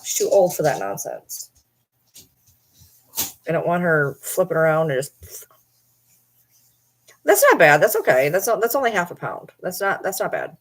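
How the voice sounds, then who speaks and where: A woman's voice: fairly low pitch, animated, normal speed, pauses often. A woman vlogger at home, chatting casually and teasing her dogs with baby talk.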